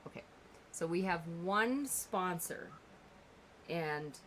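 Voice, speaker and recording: A woman's voice: fairly low pitch, expressive, takes it slowly, fairly bright tone, a little hiss or hum. A woman co-hosting a live stream in chatty, casual talk, reading out names and plans.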